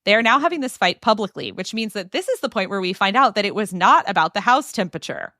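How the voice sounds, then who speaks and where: A woman podcast host telling a story in a casual chat, animated and full of "like" fillers. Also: mid-range voice, quick pace, dry recording, studio quality. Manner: animated retelling with many "like" fillers.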